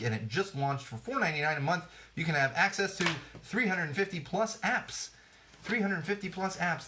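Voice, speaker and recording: A man's voice: on the high side, sharp tone, slight background noise. Male podcast host, jokey and sarcastic, rambling and a bit worn out. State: tired. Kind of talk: casual live-stream podcast chat.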